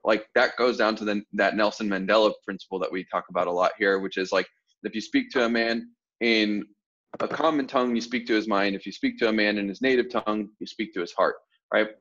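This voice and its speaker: A lower-pitched man from the southern United States talks casually through a group coaching call, explaining ideas with everyday examples. The audio is dull and lo-fi, like a video call. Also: fairly quick, fairly bright tone. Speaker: sales coach.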